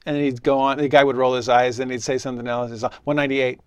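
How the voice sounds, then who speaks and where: A middle-aged man delivers a sermon in a conversational, storytelling way. He is earnest, and his voice often sinks softly at the ends of phrases. The recording is close and dry, with no room sound. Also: mid-range voice, flat delivery, fast talker, clean tone, dry recording. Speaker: preacher and religious teacher.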